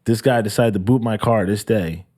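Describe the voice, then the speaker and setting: A man co-hosting a podcast, telling a profane story in a casual, animated way and acting out the people in it. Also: lowish voice, moderate pace. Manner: profane, animated, acts out quotes. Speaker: podcast co-host.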